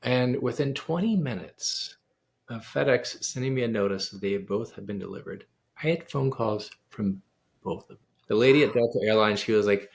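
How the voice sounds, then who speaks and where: Gravelly-voiced man telling an animated story. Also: mid-range voice, moderate pace. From United States. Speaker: guest pianist and composer. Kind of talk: storytelling in a casual interview.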